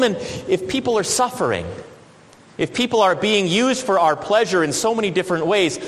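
Male pastor, fairly high voice, reflective sermon delivery, long reverb of a sanctuary. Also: fairly bright tone. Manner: reflective, measured preaching with dramatic slow pauses.

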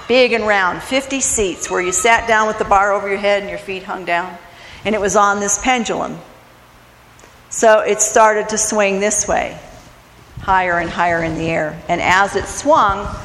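Middle aged woman telling her church testimony, slow and from the heart, big echoey hall. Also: medium pitch. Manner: storytelling, slow and heartfelt, lively in funny parts. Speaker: church speaker giving a testimony. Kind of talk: personal testimony sermon. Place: church sanctuary.

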